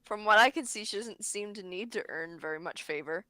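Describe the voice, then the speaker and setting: A woman's voice: medium pitch, a little fast, crowd noise. A woman playing her character in a tabletop game, speaking in a dry, teasing way. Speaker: player voicing a character. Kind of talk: in-character tabletop role-play.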